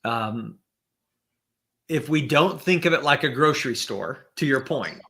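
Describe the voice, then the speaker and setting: A man's voice: medium pitch, animated, unhurried, pushed and bright. A man as a podcast guest in casual conversation, thinking aloud with many fillers and restarts, over a video call.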